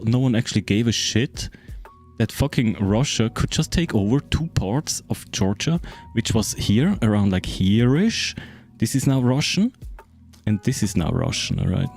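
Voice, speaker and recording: A German native speaker with a German accent, this male game streamer has a fairly low, somewhat mellow voice. Chatting casually with friends about a map, he leans on fillers, swears often, and keeps asking "right?"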